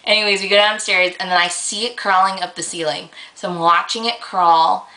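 A young woman vlogger ranting casually to her camera, rambling with lots of fillers and getting excitable as she tells a story. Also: fairly low pitch, a little fast, rough recording.

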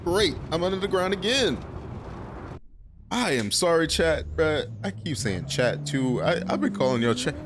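A man's voice: on the high side, measured pace, noisy background. A man giving casual, rambling gameplay commentary, swearing often and full of fillers. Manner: rambling, excitable, swears a lot, frequent filler. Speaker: gaming YouTuber. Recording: loud game music behind voice. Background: loud music and car engine sounds.

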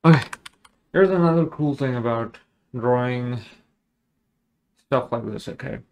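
A man's voice: mid-range voice, measured pace, a little mellow, slight background noise. A man chatting casually as he draws digitally, rambling along with jokes and self-deprecating asides. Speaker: digital artist. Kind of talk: casual commentary while drawing.

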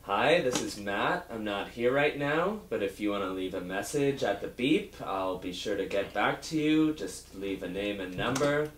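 A man's voice: fairly low pitch, expressive, normal speed, hardly any pauses, roomy sound, far from the mic, a little hiss or hum. A young man in a comedy sketch, fumbling and self-critical, muttering at himself between tries.

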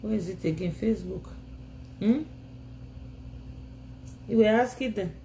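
A tired, sleepy Nigerian woman scolds and taunts her rivals in a live rant from home, speaking into her phone. Her voice sits at an average pitch, and a faint hiss runs beneath it. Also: a little slow, vocal fry, warm tone, low-quality recording. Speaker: vlogger. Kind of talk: ranting live video.

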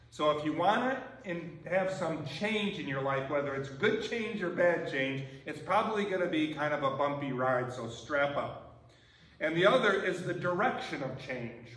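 A man's voice: fairly high pitch, a bit bright, distant mic. Conversational male pastor in an echoey church. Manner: conversational, often asks "right?". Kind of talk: sermon. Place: church sanctuary.

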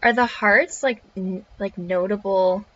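A woman's voice: medium pitch, a little slow, fairly bright tone, a little hiss or hum. A young woman streaming a game, reading its text aloud and reacting with jittery, swearing commentary. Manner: swears freely, jittery and easily spooked. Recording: crunchy lo-fi audio.

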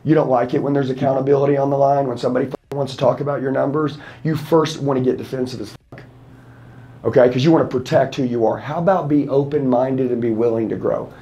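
A man's voice: mid-range voice, fairly even intonation, fast, mellow. Blunt, profane man fired up at a seminar. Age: 30s. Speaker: sales trainer. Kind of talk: fired-up motivational seminar talk.

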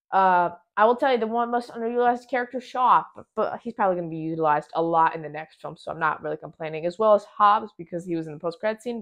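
With a medium-pitched voice, a woman rambles excitedly through a casual, spoiler-filled film review, frequently starting her sentences over.

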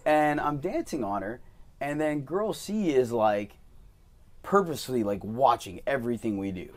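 Young male podcast host, casual storyteller, animated, plays out the quotes, mid-range voice. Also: mid-range voice, moderate pace.

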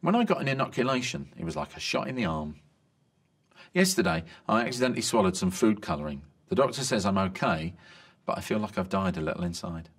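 A man reading a string of medical jokes in a lively delivery. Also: low voice, a little fast. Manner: lively joke delivery, bright voices for quoted lines.

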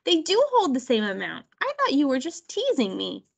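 A woman's voice: sits high, wildly swooping pitch, normal speed, vocal fry, exaggerated voice. A woman voicing a whiny, impatient little girl, the youngest sister, pleading in a storybook read-aloud.

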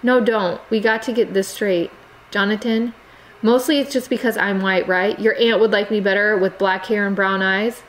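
A woman's voice: medium pitch, steady tone, moderate pace, a bit bright, natural voice, poor audio. A woman voicing an earnest, frustrated American teenage boy who pleads insistently. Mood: pleading. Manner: insistent, exasperated, raises his voice.

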